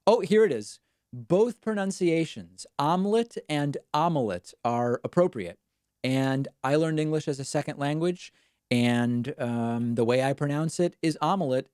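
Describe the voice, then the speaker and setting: A man hosting a live online show, giving casual political commentary and reading out viewer messages with quick, wry, self-deprecating asides. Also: medium pitch, a little mellow, no room sound, studio quality. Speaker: show host.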